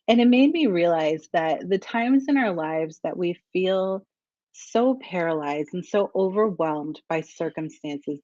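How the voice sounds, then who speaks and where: Low-voiced rambling woman, dry muffled sound. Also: a little mellow, dry recording. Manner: rambling, many fillers and restarts, laughs often. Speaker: coach for women entrepreneurs. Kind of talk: casual storytelling monologue.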